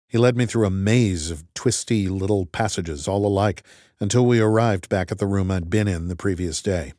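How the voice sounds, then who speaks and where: A man's voice: lowish voice, darkish tone, dry recording, studio quality. A man narrating an audiobook in the first person with a wry, conversational manner.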